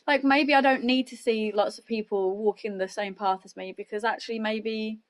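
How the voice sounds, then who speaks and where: A woman's voice: fairly high pitch, fairly even intonation, normal speed. A woman hosting a podcast, chatting reflectively in a rambling way with many restarts. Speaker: podcast host. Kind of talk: casual chat.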